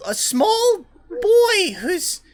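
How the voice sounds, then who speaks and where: A man voicing an adult male gnome disguised as a small boy, a shifty hustler with a squeaky, fake-innocent, stammering voice. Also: big pitch swings, very slow, exaggerated voice.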